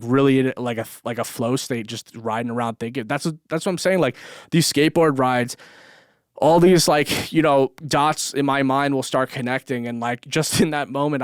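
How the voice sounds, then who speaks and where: A man's voice: mid-range voice, dry recording, clean studio sound. A young man telling a long story on his vlog, rambling and swearing with lots of fillers and laughs. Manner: rambling, profane, full of fillers, laughs often. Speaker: vlogger. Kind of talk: casual storytelling monologue.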